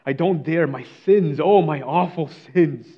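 A man's voice: a little high, measured pace, dull audio, pitched above the performer's own voice. A preacher acting out a guilt-stricken man crying for forgiveness. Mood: anguished pleading. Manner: pleading, distraught.

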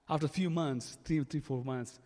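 A man's voice: medium pitch, dark tone. A man preaching a sermon with testimony, emphatic and acting out quoted dialogue. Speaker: pastor. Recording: echoey hall with long reverb.

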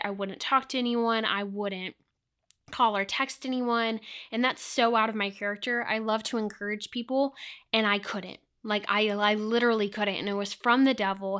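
A young woman speaks as a podcast host, giving a personal faith testimony. Her voice is smooth and clear, sitting at an ordinary middle pitch for a woman. She talks earnestly and doubles her words to stress a point. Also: bright, forceful tone. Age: young adult. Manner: earnest, repeats words for emphasis.

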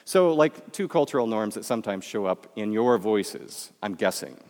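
A man with a Midwestern American accent gives a talk to an audience, joking and chatting with them directly. His pitch swings widely and stays animated. His voice rings with the long reverb of a large hall. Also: moderate pace. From Michigan, USA. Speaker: speaker giving a talk.

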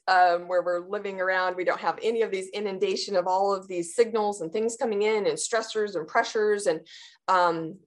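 Woman, trauma therapist guest, animated explainer who gasps out panicked inner voices. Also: medium pitch. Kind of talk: explanatory interview answer.

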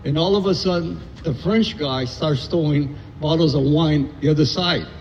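A man's voice: a little high, normal speed, darkish tone, slight background noise. An older man telling his recovery story at a meeting, rambling with many fillers and restarts. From Southern California. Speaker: AA meeting speaker. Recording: echoey hall, dull lo-fi sound.

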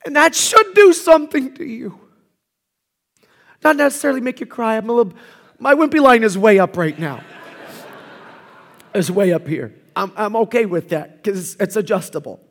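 A man preaching a sermon, telling stories with lively swings between loud outbursts and hushed, earnest stretches. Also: high-pitched, normal speed, pauses often. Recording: long hall reverb.

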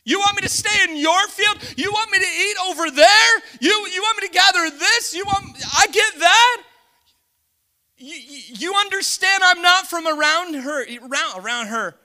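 A man voicing a young foreign widow who pleads in a loud, stammering, bewildered way. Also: expressive, normal speed, full character voice. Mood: pleading. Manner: high, loud and exclaiming, stammering repeats.

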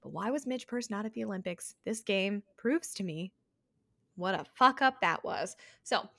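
Lively, giggly woman co-hosting a podcast. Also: mid-range voice, moderate pace, gravelly, no room sound, studio quality. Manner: giggly, animated, laughs often. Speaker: podcast co-host. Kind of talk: casual sports podcast chat.

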